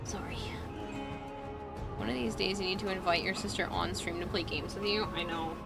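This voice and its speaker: A woman's voice: on the low side, fairly even intonation, normal speed, gravelly. A young adult woman livestreaming in casual chat while she works on a cosplay, telling stories, laughing and swearing freely. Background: music playing.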